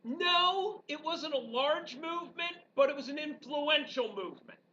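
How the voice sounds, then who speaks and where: A woman history teacher giving an animated, joking classroom lecture full of rhetorical questions to her students. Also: high-pitched, unhurried. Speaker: high school history teacher. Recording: dull, distant classroom recording with faint background noise.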